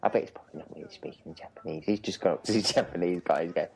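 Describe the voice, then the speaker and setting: A man's voice: low-pitched, very fast, creaky, darkish tone. A man co-hosting a casual film commentary, joking crudely and slipping into silly voices, from England. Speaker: podcast co-host.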